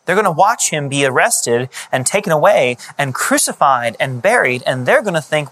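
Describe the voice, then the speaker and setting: Man preaching an animated sermon. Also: a little high, normal speed, few pauses. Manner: animated, retelling scripture in conversational paraphrase.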